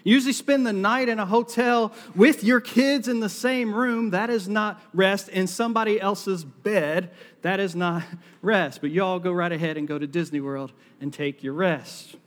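A middle-aged man with a Southern US accent preaches with a light, high-pitched voice. He keeps things conversational and self-deprecating, with jokes woven into the sermon. The sound rings with the long reverb of a large auditorium. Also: moderate pace, few pauses. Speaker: pastor.

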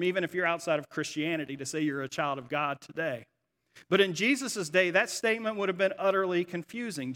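A middle-aged male pastor preaching a sermon in a church sanctuary, telling stories with animated energy. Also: fairly high pitch. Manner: animated storytelling. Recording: echoey hall.

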